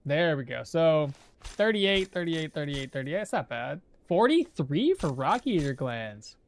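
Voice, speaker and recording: A male game streamer with a fairly high, lively voice that swoops around as he talks. He chats loosely with his viewers while he plays, trailing off and restarting his sentences as he goes. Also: unhurried, slight background noise. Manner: rambling, self-correcting, chatting with viewers. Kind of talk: casual gameplay commentary.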